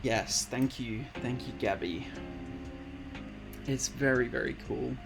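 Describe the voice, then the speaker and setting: A man in his late twenties hosts a relaxed live stream with a gravelly, fry-edged voice. He talks slowly and rambles, reading viewer messages aloud and calling people "man" and "bud." Music plays steadily in the background. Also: mid-range voice. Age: late 20s. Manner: laid-back, rambling, reads chat aloud, calls people man and bud. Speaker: Twitch streamer. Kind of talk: casual live-stream chat.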